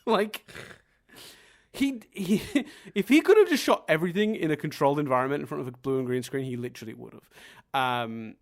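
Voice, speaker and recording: A man co-hosting a film review podcast, speaking in a slightly high voice that swings widely in pitch. He rants emphatically, swears freely and laughs often as he talks. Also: animated, moderate pace. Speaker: podcast co-host. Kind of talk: casual film review chat.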